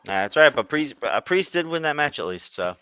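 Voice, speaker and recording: A man co-hosting a casual wrestling podcast, giving relaxed opinions and frequent short agreements. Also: a little high, normal speed, clear, resonant tone, no room sound. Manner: laid-back, mostly short agreeing replies. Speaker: podcast co-host. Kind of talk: casual wrestling recap chat.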